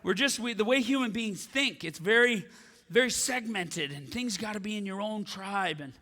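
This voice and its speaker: A male stand-up comedian works a theatre crowd in a rant. His voice is very high and bright, and it leaps around constantly before climbing into shouts. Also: moderate pace. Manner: animated, ranting, often shouting. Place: theatre stage.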